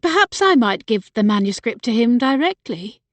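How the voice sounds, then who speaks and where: A woman narrator voicing a caring young woman who speaks softly and coaxingly to her brother. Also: on the high side, sing-song, normal speed, no room sound. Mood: concerned. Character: gentle, worried young woman, caring sister. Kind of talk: audiobook character voice.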